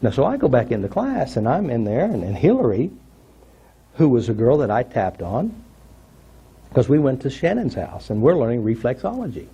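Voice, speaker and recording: A man's voice: medium pitch, wildly swooping pitch, normal speed, dark tone, breathy edge, dull audio. A man telling a personal story to an audience, acting out what people said and asking the audience questions. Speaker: workshop speaker.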